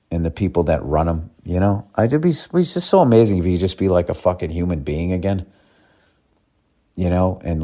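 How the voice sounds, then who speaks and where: A man's voice: low-pitched, dark tone. A man in his fifties hosting a podcast, ranting and swearing in a sardonic, casual monologue while reading listener mail. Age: 50s. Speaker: podcast host.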